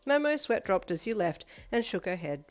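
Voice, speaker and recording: A woman reading a second-person fanfiction story aloud in a steady, even manner. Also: medium pitch, moderate pace. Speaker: fanfiction reader. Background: faint backing music.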